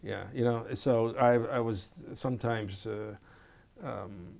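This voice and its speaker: A man's voice: medium pitch, slow, vocal fry. A man, a jazz saxophonist and educator, telling stories in an oral history interview, acting out scenes and scatting melodies. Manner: animated storyteller, acts out scenes and scats melodies.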